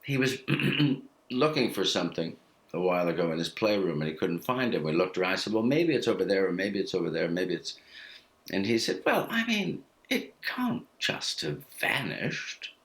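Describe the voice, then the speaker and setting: American guy on a video call from his home studio, kinda low voice, stop-start and chuckly, lots of ups and downs. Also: expressive. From United States. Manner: halting, repeats words, chuckles often. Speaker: guest actor. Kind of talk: casual chat.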